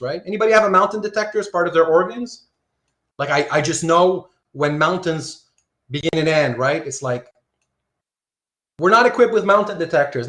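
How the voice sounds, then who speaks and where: A man's voice: high-pitched, fairly bright tone, echoey room. A man teaching a philosophy class online, talking casually, reading out student comments and checking in with "right?" after nearly every point. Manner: conversational, asks "right?" often, reads student comments aloud. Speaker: philosophy lecturer. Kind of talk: live online lecture. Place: Surrey, Canada.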